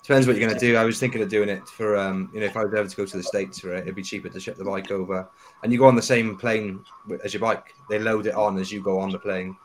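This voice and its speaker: A man with a very deep voice who talks quickly and easily, often ending his points with questions like "aren't they". Faint hiss sits behind him. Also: fairly even intonation. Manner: tag questions, easygoing. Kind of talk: casual group chat.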